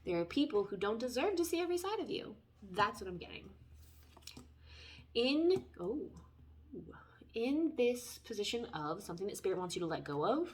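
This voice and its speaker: A chatty woman reads tarot cards and talks straight to her viewers. She wanders into side stories and apologizes for them. Her voice swings between loud bursts and soft, near-whispered asides. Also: fairly high pitch, moderate pace, slight background noise. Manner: chatty, tangents, lively swings in loudness. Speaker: tarot reader. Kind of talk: casual spoken tarot reading.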